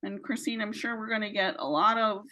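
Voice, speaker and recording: A woman's voice: mid-range voice, a little fast, sharp tone, low-quality recording. A woman leading a virtual training session, walking participants through questions with encouraging check-ins. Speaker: training facilitator. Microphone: video call.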